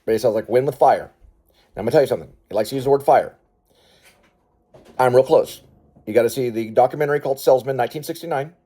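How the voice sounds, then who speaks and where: Husky mellow-voiced rambling man. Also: medium pitch, fast, long pauses. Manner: rambling, jokey, playing a salesman. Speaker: host. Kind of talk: casual improvised chat.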